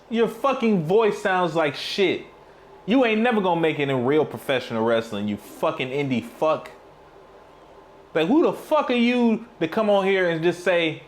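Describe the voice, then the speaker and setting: A man's voice: high voice, animated, moderate pace. Heated, cursing man reacting to clips. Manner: blunt, heated, slangy trash talk. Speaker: streamer reacting to wrestling clips. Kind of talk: profane reaction commentary.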